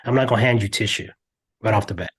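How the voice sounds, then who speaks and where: An older man, a podcast guest, talking earnestly in a lively storytelling way with frequent restarts. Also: on the low side, quick pace, breathy edge. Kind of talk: candid podcast interview.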